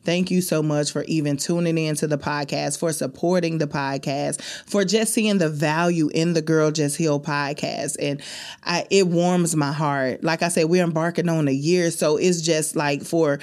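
A woman's voice: low-pitched, moderate pace. Emotional woman hosting a faith podcast. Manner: emotional, expressive, preachy. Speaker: podcast host. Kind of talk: faith-based heartfelt podcast talk.

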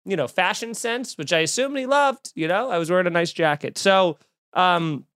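A man's voice: sits high, normal speed. A young adult man, a stand-up comedian, telling a casual, jokey podcast story and acting out the people in it. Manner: animated, jokey, acts out voices in anecdotes.

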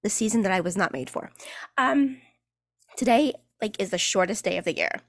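New woman hosting a solo podcast; sarcastic, rambling, mid-pitched, close and dry. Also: expressive, moderate pace, no echo. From New York. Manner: sarcastic, chatty, swears casually, many fillers. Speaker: podcast host and cheerleading coach. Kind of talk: casual solo podcast chat.

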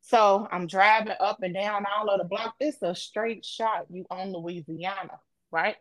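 A woman's voice: mid-range voice, fairly even intonation, measured pace, a bit bright, dry recording. A woman on a podcast, retelling an emotional personal story in vivid, casual speech. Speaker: podcast co-host.

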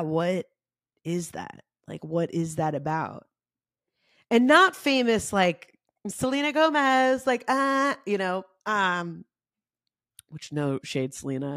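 A woman's voice: on the low side, dry recording, clean studio sound. A woman hosting her own podcast, talking casually and candidly, with lots of "like" and the odd swear word. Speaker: podcast host. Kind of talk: casual solo podcast talk.

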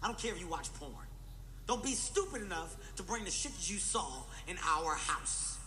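A man voicing his calm, matter-of-fact wife in a stage story. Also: sits high, moderate pace, long reverb tail, a little hiss or hum. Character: blunt, unbothered wife, adult woman.

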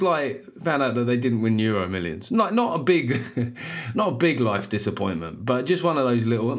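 A man's voice: medium pitch, sing-song, moderate pace. A man hosting a comedy podcast alone, rambling, swearing and mocking himself. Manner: rambling, sweary, self-deprecating. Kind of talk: solo comedic podcast monologue.

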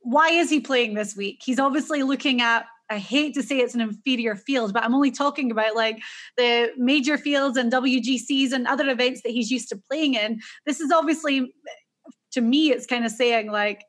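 Scottish female co-host, high-pitched, chatty and conversational. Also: normal speed, fairly bright tone. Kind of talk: casual golf betting chat.

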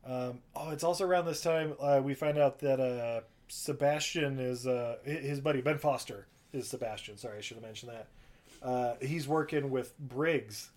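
A man's voice: medium pitch, moderate pace, darkish tone. A man casually recapping a movie plot in a rambling, profane way, acting out the characters in raised voices. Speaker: podcast co-host.

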